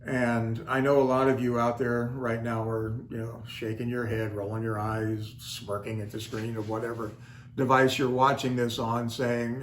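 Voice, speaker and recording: A man's voice: medium pitch, flat delivery, normal speed, a little hiss or hum. Wry, folksy older man in an echoey room. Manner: wry, self-deprecating, folksy. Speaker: channel host. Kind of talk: casual storytelling vlog. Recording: roomy echo, faint ambience.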